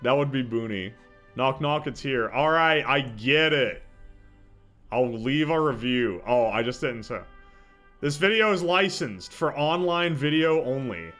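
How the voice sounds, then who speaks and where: A man streaming live, chatting casually and reacting out loud, often breaking into laughter. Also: mid-range voice, expressive, unhurried, soft background music.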